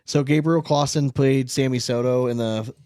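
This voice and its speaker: A man's voice: mid-range voice, steady tone, normal speed, a little mellow, no echo, studio quality. A man co-hosting a podcast in a laid-back, chatty way, laughing often. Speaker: podcast co-host. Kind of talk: casual chat.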